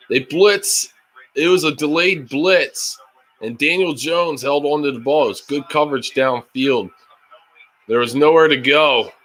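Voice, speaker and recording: During a live football stream, a man shifts from steady play-by-play into exasperated, profanity-laced rants about the coaching, a frustrated fan reacting as he watches. His slightly high voice is bright and forward, and his delivery is unhurried and drawn out.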